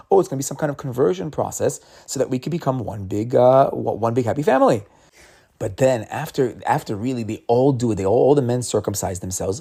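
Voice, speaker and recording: Gravelly low-voiced man giving a Torah talk. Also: mellow. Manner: conversational, repeats words when restarting, acts out quotes. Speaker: Torah teacher. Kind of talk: casual weekly Torah talk.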